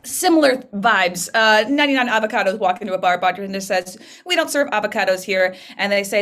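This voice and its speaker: A woman's voice: medium pitch, expressive, a little fast, few pauses, a bit bright. A woman improv performer on a video call who laughs through her jokes.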